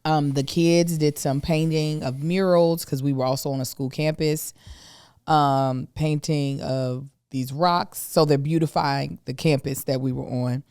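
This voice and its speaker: A middle-aged woman co-hosting a casual podcast. She talks in a lively, teasing way, and her voice comes through smooth and clear. The recording is dry and close. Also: low voice, a little slow, dry recording. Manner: animated, playful teasing. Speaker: podcast co-host. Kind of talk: casual chat.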